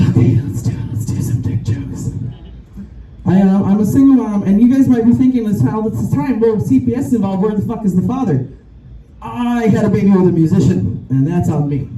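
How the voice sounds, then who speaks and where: A woman's voice: medium pitch, lively intonation, quick pace, warm tone. A middle-aged woman performing a brash, profane stand-up comedy set with crowd work. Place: rooftop bar show with a live audience. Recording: echoey, distant mic, crowd noise.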